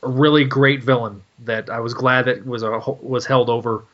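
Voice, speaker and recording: A man co-hosting a comics podcast, speaking earnestly with many pauses and restarts. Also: medium pitch, fairly even intonation, fairly bright tone, muffled recording. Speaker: podcast co-host. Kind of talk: casual comic book podcast chat.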